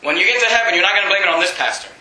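High, bright, shouting preacher in an echoey church. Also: male voice, animated, rapid-fire. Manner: impassioned, often shouting, sudden drops to a hush. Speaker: pastor. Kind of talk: sermon. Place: church sanctuary.

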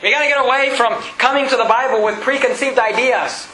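A pastor preaching a sermon, reading scripture aloud and firing off rhetorical questions in an emphatic delivery. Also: male voice, extremely high pitch, brisk, sharp tone, a little hiss or hum. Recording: echoey hall.

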